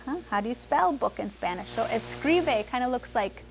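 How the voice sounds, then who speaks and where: A woman teaching conversational Spanish to adults, switching between English and Spanish and repeating phrases slowly for the learners. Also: a little high, lively intonation, gravelly, a little hiss or hum. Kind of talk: classroom language lesson.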